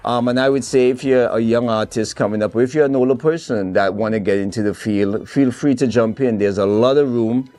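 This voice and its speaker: A man's voice: mid-range voice, brisk, hardly any pauses, dark tone. A man in his fifties from Trinidad with a Trinidadian accent touched by an American twang, chatting as a soca artist guest in an upbeat, boastful way. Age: 50s. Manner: upbeat and boastful, laughs easily. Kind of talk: casual interview chat.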